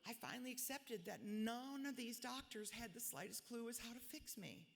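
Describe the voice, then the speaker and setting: A woman in her forties with a gravelly voice on the higher side reads a diary-style speech at a moderate pace. The setting is a gala in a large hotel ballroom, where her blunt, self-mocking words echo at length.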